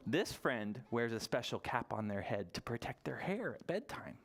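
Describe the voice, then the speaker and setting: A man at a mid pitch leads toddler story time in a library room, speaking in a bouncy sing-song. He asks small children one playful question after another and coaxes them to join in the actions. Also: sing-song, moderate pace, gravelly, fairly bright tone.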